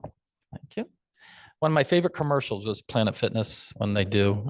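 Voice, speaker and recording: A man's voice: on the low side, lively intonation, normal speed, no echo. A man leading table topics at a club meeting, chatty and upbeat with storytelling asides.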